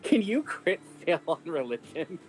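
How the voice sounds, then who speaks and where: A man's voice: on the high side, very animated, measured pace, a little mellow, faint music behind. A man playing in a tabletop game, chatting casually and rambling with lots of fillers. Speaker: player.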